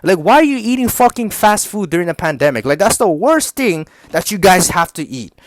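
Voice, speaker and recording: A man's voice: high-pitched, sing-song, brisk, no room sound. A young man telling a story in a casual, rambling rant, swearing often and talking straight to his viewers. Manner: rambling, profane, filler-heavy, keeps addressing the audience. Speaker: YouTuber.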